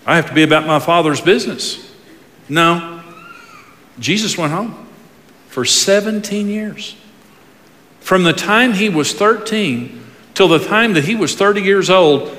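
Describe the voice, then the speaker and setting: Animated male preacher in a reverberant hall. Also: a little high. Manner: animated storytelling, acts out quoted voices. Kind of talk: sermon. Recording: long reverb of a large hall.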